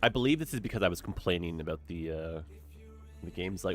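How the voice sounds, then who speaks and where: A man's voice: sits low, animated, fairly quick, soft background music. A man streaming a city-building game, chatting casually and reacting with dramatic exclamations. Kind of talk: casual gameplay commentary.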